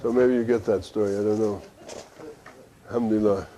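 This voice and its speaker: A man's voice: lowish voice, steady tone, brisk, background noise. A man teaching and telling a story in a conversational way, with asides and restarts. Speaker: Sufi teacher. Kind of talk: storytelling discourse. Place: study center.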